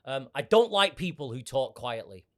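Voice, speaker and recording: رجل بريطاني يقدّم بودكاست بصوت عالٍ ونبرة متقلبة كثيراً وحماس في سرد الحكايات. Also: male voice, medium pitch, moderate pace. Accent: British. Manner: loud, animated storyteller. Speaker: podcast co-host. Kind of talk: casual chat.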